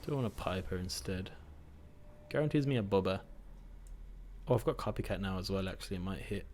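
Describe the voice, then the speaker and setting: Guy doing casual card game commentary, low voice, just chatting and thinking out loud. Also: a little fast, slight background noise. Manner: chatty, thinking aloud, self-mocking. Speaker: gaming video host.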